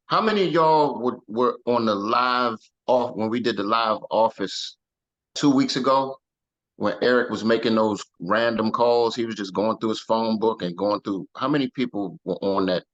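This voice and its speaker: A man co-hosting a team meeting, chatty and quick to jump in with praise. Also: lowish voice, fairly bright tone, lo-fi sound. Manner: chatty, jumps in with praise and laughter. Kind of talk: casual team meeting talk.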